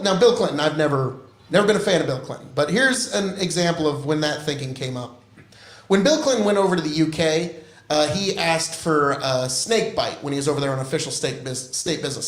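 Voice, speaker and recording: A man with a high, lively voice rants on a podcast with loud, profane outbursts. His voice swings widely in pitch. The room around him is echoey. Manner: heated, swearing, loud outbursts. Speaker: podcast co-host. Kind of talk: profane ranting podcast chat.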